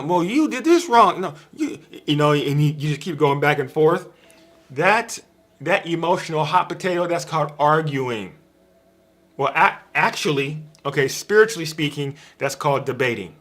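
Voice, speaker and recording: Pitched fairly high and somewhat bright, a man's voice delivers an informal spiritual teaching over a live stream. He talks directly to his audience from a room at home where a dog bed sits in the corner, repeating and emphasizing his points.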